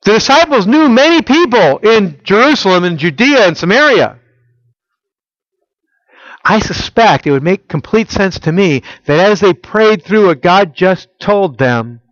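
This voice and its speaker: A man preaching a sermon. He keeps asking the listeners rhetorical questions and swings between loud emphasis and quiet, intimate prayer-like tones. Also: high-pitched, no echo, highs cut off. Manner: asks the audience rhetorical questions. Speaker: pastor.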